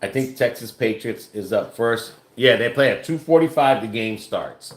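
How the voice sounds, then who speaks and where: A man co-hosting a casual home livestream, explaining things slowly with halting fillers while reading out viewer comments. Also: medium pitch. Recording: echoey room.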